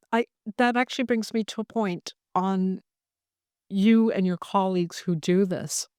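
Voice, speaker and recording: A woman hosting an interview and speaking as a family caregiver, emotional and halting with many restarts. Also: medium pitch, a little mellow, no room sound, clean studio sound. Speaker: podcast host and family caregiver. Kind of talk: heartfelt conversational interview.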